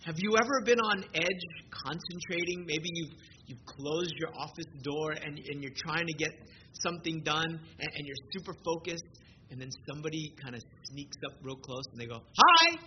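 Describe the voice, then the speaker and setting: Male pastor, high voice, earnest conversational sermon, repeats words, dull recording with noise behind. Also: moderate pace. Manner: earnest, conversational preaching with frequent word repeats.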